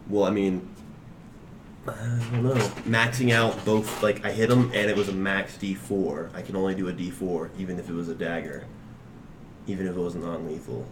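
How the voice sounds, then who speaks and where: A man's voice: sits low, level tone, normal speed, background noise. A man playing a tabletop game, talking hesitantly in casual chat. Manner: hesitant, full of "like" and "I mean". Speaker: player.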